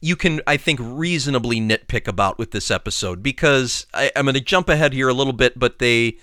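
A man's voice: medium pitch, fairly quick, sharp tone, no room sound, studio quality. A man co-hosting a podcast in casual chat, rambling with many restarts and laughing easily. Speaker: podcast co-host.

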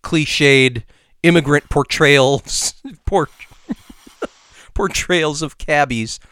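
A man's voice: a little high, very slow, a bit bright, clean tone, dry recording, studio quality. A man co-hosting a podcast, talking through his points step by step in casual discussion. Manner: thoughtful, explains step by step. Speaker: podcast co-host.

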